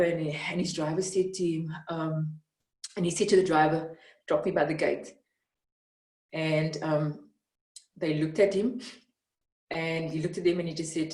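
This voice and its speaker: Sitting at a distance from the microphone in an echoey room, a South African mentor being interviewed reflects earnestly on her experiences. Her voice is low, she uses a lot of fillers, and she becomes lively when recreating a scene.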